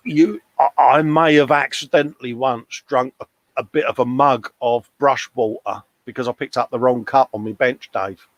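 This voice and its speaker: This man speaks at medium pitch with a steady tone, a little slowly, on a low-quality recording with no echo. Hosting a live model-painting stream from his home hobby bench, he's chatty and self-mocking, reads viewer comments aloud, laughs a lot, and calls everyone mate.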